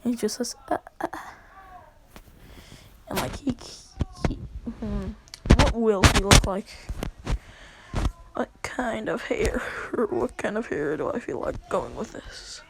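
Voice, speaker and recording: A woman's voice: medium pitch, expressive, a little slow, vocal fry, background noise. A woman casually telling a fan story for a video, rambling and filling gaps with asides and "like" and "uh". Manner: rambling, full of fillers and asides.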